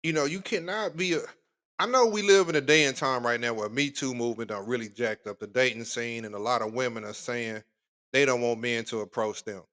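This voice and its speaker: A man's voice: medium pitch, steady tone, brisk, a bit bright. A man hosting a reaction video, giving casual, slangy commentary with joking asides.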